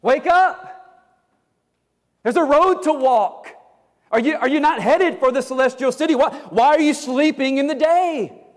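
A high, pressing voice of an earnest pilgrim, put on by a preacher mid-sermon. He pleads with urgent insistence, and the words ring out in a long hall reverb. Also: normal speed. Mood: urgent pleading. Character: earnest male pilgrim urging sleepers awake.

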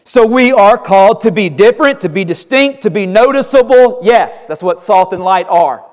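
Male preacher, high-pitched, emphatic and repetitive, reverberant hall sound. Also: expressive. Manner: deliberate, emphatic preaching with repeated phrases. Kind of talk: sermon.

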